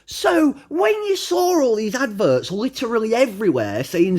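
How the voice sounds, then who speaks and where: A man's voice: extremely high pitch, very animated, moderate pace, hardly any pauses, a little mellow. A man ranting to his channel, heated, argumentative and full of swearing. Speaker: channel host. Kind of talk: ranting monologue vlog.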